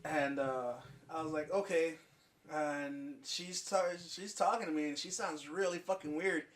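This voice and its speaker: Profane, high-voiced young man telling a story. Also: moderate pace, a little hiss or hum. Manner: profane, animated storyteller acting out dialogue. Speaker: podcast co-host. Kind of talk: casual podcast chat.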